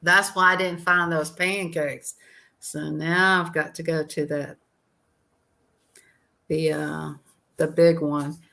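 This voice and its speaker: A woman's voice: low voice, little pitch movement, slow, creaky, pauses often, bright, forceful tone. A woman who is a guest on a livestream, chatting easily about her day. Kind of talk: casual chat.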